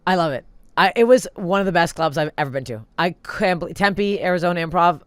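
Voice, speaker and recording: A woman's voice: fairly low pitch, fast, no room sound. A woman from Canada, a stand-up comedian guest, chatting casually and enthusiastically with some swearing. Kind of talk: casual chat.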